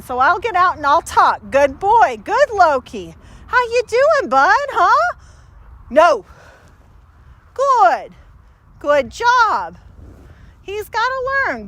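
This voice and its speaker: A woman's voice: very high voice, fairly bright tone. A woman dog trainer giving a casual training demonstration, chatting with many fillers and breaking off for short, upbeat praise to the dog.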